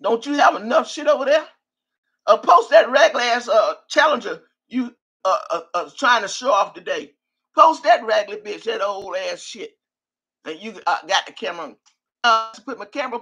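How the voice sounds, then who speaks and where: Give me an older woman with a sharp, forceful voice, cursing through a live-stream rant. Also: fairly high pitch, expressive, moderate pace, slightly rough. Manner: trash-talking, cursing, reads out viewer names.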